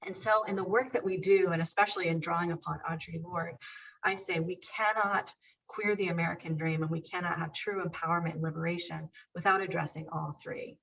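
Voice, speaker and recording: A woman's voice: on the low side, fairly even intonation, fairly quick, gravelly, a bit bright, distant mic, lo-fi sound. A woman guest speaking earnestly and emphatically in a conversational interview. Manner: earnest, emphatic, repeats agreement. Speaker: guest, author and painter.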